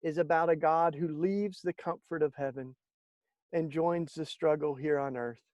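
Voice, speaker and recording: A man, a guest in an interview, telling stories in a lively conversational way and acting out the voices of the people he quotes. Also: fairly high pitch, normal speed, no echo. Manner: animated storyteller, acts out quoted speech. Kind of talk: conversational storytelling.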